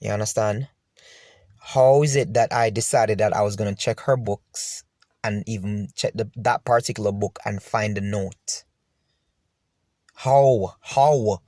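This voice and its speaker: A man's voice: lowish voice, fairly even intonation, moderate pace, darkish tone, no echo, clean studio sound. A man telling his own painful story to the viewer, emotional and repeating himself. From Jamaica. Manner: emotional, repetitive, talks straight to the viewer. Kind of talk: personal storytelling to camera.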